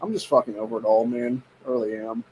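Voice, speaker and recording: A man's voice: medium pitch, fast talker, darkish tone, a little hiss or hum, poor audio. A young man from Ohio hosting a political podcast, reading headlines aloud and reacting with heated, profane rants. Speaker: podcast host. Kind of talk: casual political commentary.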